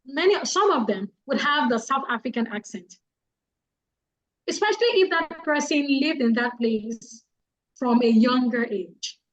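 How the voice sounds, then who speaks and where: A woman's voice: sits high, expressive, unhurried, poor audio. A woman with a Nigerian accent giving public speaking advice, emphatic and repeating points for effect. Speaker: guest speaker.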